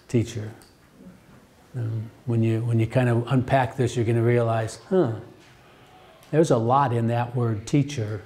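A man teaching a Bible study class, talking in halting bursts with frequent restarts and quizzing his students. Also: mid-range voice, warm tone. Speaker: theology teacher. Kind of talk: interactive Bible study lecture.

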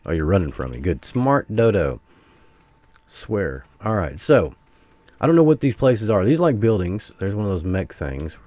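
A man from the US giving casual, rambling gameplay commentary as a gaming YouTuber, swinging between excitement and grumbling. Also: deep voice, no echo.

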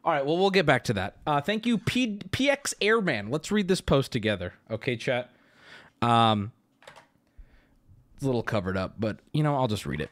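A man streaming live, talking casually to his chat and swinging between loud outbursts and low mutters. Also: big pitch swings, normal speed. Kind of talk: casual livestream talk.

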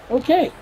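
A man casually commenting on his basketball video game, excitable and swearing, cheering his teammates on and laughing often. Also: very high voice, slight background noise. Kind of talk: casual live gameplay commentary.

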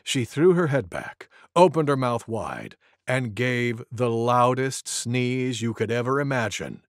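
A narrator reading a picture-book story aloud for toddlers, animated and slow. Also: medium pitch, no echo, clean studio sound.

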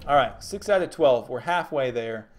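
A man's voice: mid-range voice, expressive, normal speed, soft background music. A young man from Texas giving casual, joking commentary on a game stream and reading chat messages aloud.

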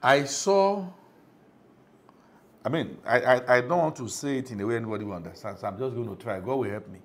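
A man's voice: mid-range voice, fairly quick. A middle-aged Nigerian man preaching a sermon as pastor, emphatic, often asking the congregation if they follow.

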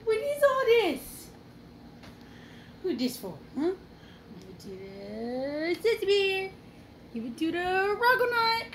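Very high cooing woman, slow. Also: big pitch swings, background noise. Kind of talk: casual talk to the dogs.

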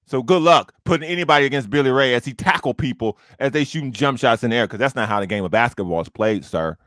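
A man co-hosting a sports talk radio show, boasting and trash-talking in a lively way. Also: medium pitch, quick pace, no room sound, clean studio sound. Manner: boastful, animated.

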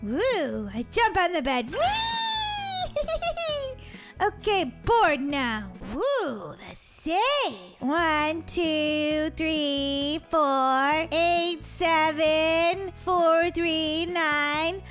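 A woman's voice: high voice, animated, very slow, hardly any pauses, a bit bright, faint music behind, full character voice. A woman voicing a bratty, defiant little girl of about five in a Roblox role-play, with a whiny, childlike, sassy sing-song manner. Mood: playful.

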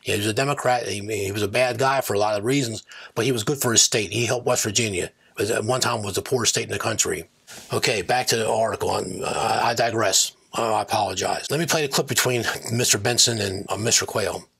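A man's voice: fairly low pitch, fast, gravelly, fairly bright tone, breathy edge. A man hosting his own political commentary channel, talking in a combative, digressive rant that keeps circling back on itself. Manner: combative, digressive, self-correcting.

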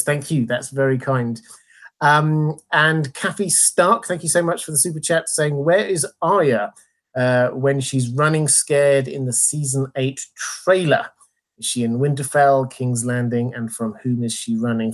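A man hosting a live stream Q&A. He rambles, fills gaps with ums and uhs, and is gently self-deprecating at a mid pitch. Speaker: host.

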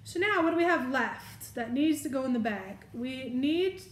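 A woman with a slightly high voice talks her way through packing a bag, chatty and thinking aloud as she goes. The room sounds roomy and echoey, with a faint hiss behind her. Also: lively intonation, moderate pace. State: has the hiccups. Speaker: vlogger. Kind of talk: casual show-and-tell.

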